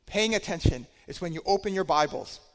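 A man preaching a sermon, telling a personal story in a conversational way, swinging between loud and quiet. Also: high voice, expressive, a little fast, big-room sound.

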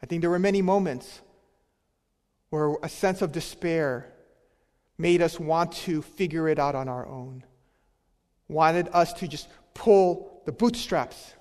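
A man preaching a sermon as pastor, emphatic, with a voice that drops to a soft near-whisper on key words. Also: a little high, slow, pauses often, big-room sound.

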